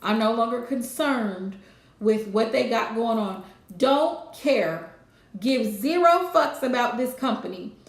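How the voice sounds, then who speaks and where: Woman doing a chill live reading, kinda gravelly, higher voice, echoey room, says stuff over and over real soothing. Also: lively intonation, slow. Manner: soothing, repetitive advice with Southern-style phrasing. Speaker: tarot reader hosting a live stream. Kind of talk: casual live-stream reading.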